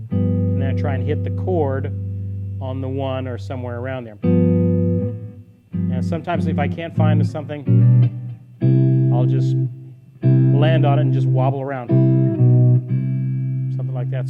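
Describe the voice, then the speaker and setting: A man's voice: medium pitch, fairly even intonation, moderate pace, long pauses, phone-quality sound. A man hosting a casual live-stream guitar lesson, talking loosely and counting beats aloud while he plays. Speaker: guitar teacher and livestream host. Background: guitar playing.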